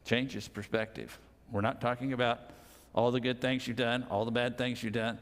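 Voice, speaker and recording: An older man in his sixties preaching a sermon in a plainspoken, folksy way, with slow, emphatic pauses. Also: medium pitch, flat delivery. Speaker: pastor. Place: church sanctuary. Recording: reverberant church hall.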